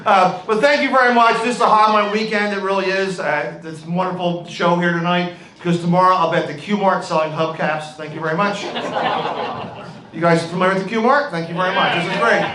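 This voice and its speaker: A man's voice: high-pitched, fairly even intonation, brisk, bright, forceful tone. A middle-aged man with a Philadelphia accent doing a rambling, brash stand-up comedy set on a club stage. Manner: brash, rambling, with frequent "all right" and "okay". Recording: echoey club room with crowd noise.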